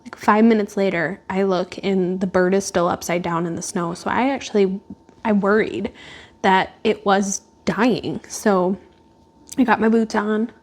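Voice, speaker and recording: A woman's voice: medium pitch, steady tone, a little slow. A woman vlogging at home indoors, chatting in a rambling, casual way with lots of fillers. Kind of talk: casual chat. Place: at home indoors by a glass door.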